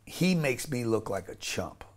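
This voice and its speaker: A man's voice: medium pitch, very animated, unhurried. Blunt, emphatic man talking in an interview. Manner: emphatic and blunt, with frequent restarts and casual swearing. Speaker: interview guest. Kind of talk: casual interview talk.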